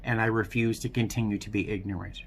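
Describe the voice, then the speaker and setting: A man talking earnestly and self-critically in a personal vlog, speaking softly. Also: on the low side, steady tone, fast talker, slight background noise. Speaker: vlogger.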